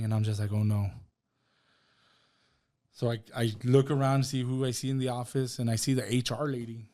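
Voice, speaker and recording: A man with a medium-pitched, slightly dark voice tells a personal story as a podcast guest in casual conversation. He talks conversationally and retells events with quoted dialogue, often tossing in fillers like "right?" and "bro."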